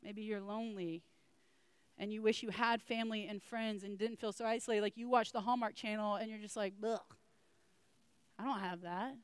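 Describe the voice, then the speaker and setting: A woman preaches a sermon at a middle pitch, earnest and direct, often turning her points into questions for her listeners. Her voice is recorded dry, with no room echo around it. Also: steady tone, brisk, smooth.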